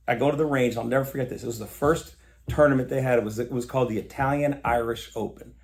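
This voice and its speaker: A man as a podcast guest, telling stories in a casual, animated way and acting out the dialogue. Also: medium pitch, fast. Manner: animated storyteller, acts out quoted dialogue. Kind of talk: casual storytelling chat.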